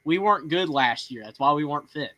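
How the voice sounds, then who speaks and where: Man, Southern accent, bright forceful voice, dry close sound, rambling casual chat. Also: fairly high pitch, expressive, fast talker, no echo, muffled recording. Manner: rambling, lots of fillers and restarts. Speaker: call-in show host.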